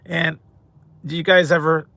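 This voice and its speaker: A man's voice: on the high side, bright, forceful tone, dry recording. A man hosting a food mukbang, chatting casually with live viewers and rambling, chuckling often. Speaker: mukbang host.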